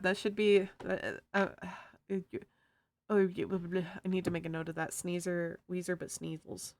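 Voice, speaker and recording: A woman's voice: fairly low pitch, flat delivery, normal speed, vocal fry, no room sound. A woman streamer chatting casually, rambling and playful, with bits of song. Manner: rambling and playful, singing snatches of songs. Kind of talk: casual chat.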